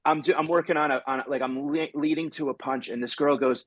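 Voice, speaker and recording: A man's voice: on the high side, fairly even intonation, quick pace, few pauses, fairly bright tone, no echo, poor audio. A man hosting a comedy podcast, telling stories in a rambling way with plenty of restarts. He acts out the back-and-forth of his anecdotes. The sound is close and dry, with no room around it. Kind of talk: casual chat.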